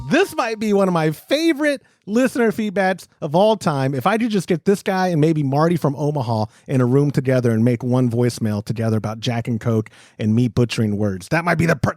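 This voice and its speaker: Animated Texan man hosting a podcast. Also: fairly high pitch, no echo, studio quality. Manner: animated, joking, self-deprecating. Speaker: podcast host. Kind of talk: casual podcast chat.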